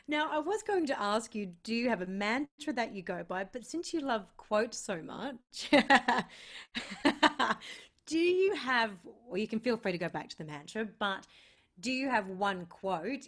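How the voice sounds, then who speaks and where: A woman hosting a casual interview, asking drawn-out questions and laughing in between. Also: mid-range voice. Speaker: host.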